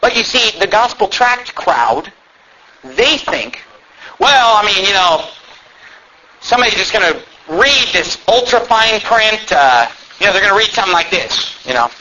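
A man's voice: high-pitched, very animated, normal speed, bright, forceful tone, slight background noise, rough recording. A man preaching a fiery sermon as a pastor, emphatic and sarcastic, sometimes reading text aloud in put-on voices. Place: church.

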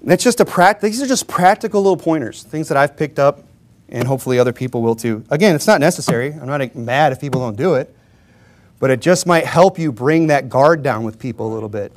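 A man's voice: mid-range voice, lively intonation, a little fast. A man preaching a conversational sermon to his congregation, informal and joking, chuckling often and pressing his points with emphatic rhetorical questions. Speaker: Baptist preacher.

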